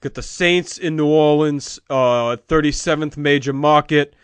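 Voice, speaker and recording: A man playing a deadpan, know-it-all sports pundit who keeps repeating the same opinion. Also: fairly high pitch, unhurried, clean tone, no room sound, natural voice. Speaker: podcast co-host in comedy bit. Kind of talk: comedic sports-talk parody.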